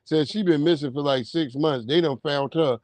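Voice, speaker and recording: A man hosting a livestream, chatting casually with heavy swearing and animated storytelling. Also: on the high side, normal speed, no room sound. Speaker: livestream host. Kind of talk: casual chat.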